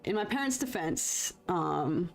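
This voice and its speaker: A woman's voice: lowish voice, lively intonation, unhurried, creaky, soft background music. A young adult woman chatting casually with her live-stream audience while painting, rambling and self-deprecating, with mild stand-in swear words.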